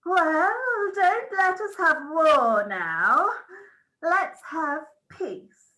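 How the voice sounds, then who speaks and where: A woman's voice: high voice, expressive, extremely slow, pushed and bright, full character voice, rough recording. A woman reading the part of a flustered young housemaid who fusses in a breathless way. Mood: cheerful. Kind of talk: script read-through.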